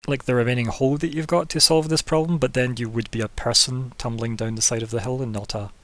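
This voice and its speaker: A man's voice: medium pitch, fairly even intonation, quick pace, fairly bright tone, no echo. A man running a tabletop game as game master, in casual talk, laughing often and asking the players what they do.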